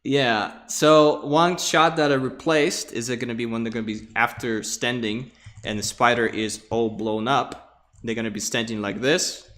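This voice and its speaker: A man's voice: medium pitch, moderate pace, fairly bright tone. A man lecturing who acts out scenes with his own vocal sound effects and repeats words as he searches for them. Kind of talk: storyboard pitch in a lecture.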